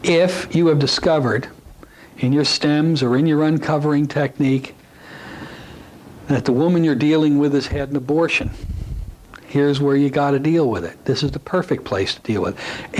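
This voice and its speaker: Folksy man teaching, fairly high voice. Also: moderate pace, a little mellow, poor audio. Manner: folksy, conversational, asides to the audience. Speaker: hypnosis instructor. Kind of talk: teaching talk to a class.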